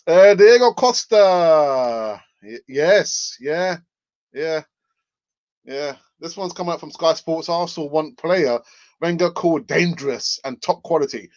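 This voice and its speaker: A man hosting a casual football news show, who laughs often and repeats himself, heard through muffled lo-fi audio. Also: a little high. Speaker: fan channel host.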